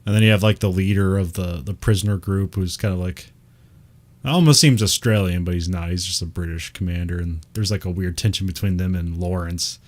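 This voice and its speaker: A man talking through a film in casual podcast chat, his voice sitting a bit low. He rambles with plenty of fillers and laughs often as he goes. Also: fairly quick. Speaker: podcast co-host.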